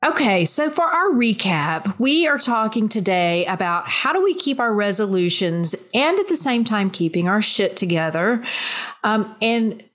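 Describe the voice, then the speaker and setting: A woman's voice: medium pitch, expressive, measured pace, fairly bright tone. A woman co-hosting a podcast, chatting casually and encouraging listeners. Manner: encouraging, upbeat. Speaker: podcast co-host. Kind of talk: casual chat.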